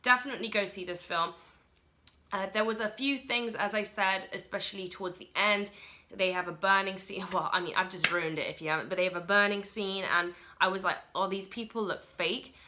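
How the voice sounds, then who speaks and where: A woman's voice: medium pitch, fairly even intonation, brisk, bright, forceful tone, slight background noise. A woman chatting casually as she reviews a film, giggly and full of "like" and "honestly".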